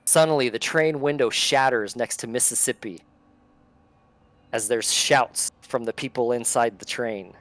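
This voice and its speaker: A man's voice: mid-range voice, unhurried, a bit bright, dry recording. A man narrating a tabletop game as game master, setting scenes with description.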